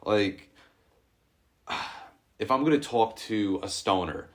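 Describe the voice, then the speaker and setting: Young guy with a real deep voice just rambling on his podcast, lots of like and um. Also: slow. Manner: rambling, animated storytelling with a lot of filler. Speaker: podcast host. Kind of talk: casual unedited podcast chat.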